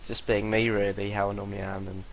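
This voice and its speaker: A man's voice: fairly low pitch, flat delivery, fast, a little hiss or hum, low-quality recording. A young man telling a rambling story to camera, swearing freely and laughing between sentences. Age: young adult. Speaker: vlogger.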